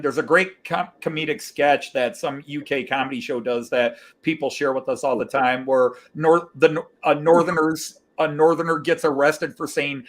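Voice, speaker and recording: A man's voice: a little high, fairly bright tone. An American man hosting a casual live chat, telling long rambling stories with lots of fillers and restarts. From United States. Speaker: livestream host.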